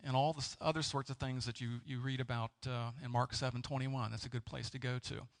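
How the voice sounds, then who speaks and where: Gravelly-voiced man preaching a sermon. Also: medium pitch, fairly even intonation, fairly bright tone. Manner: halting, searching for words with many fillers. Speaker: pastor. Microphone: presenting with slides.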